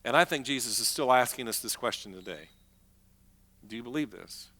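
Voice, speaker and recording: A man preaching a sermon as pastor, emphatic, swinging between loud declarations and hushed, slow moments. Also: medium pitch, animated.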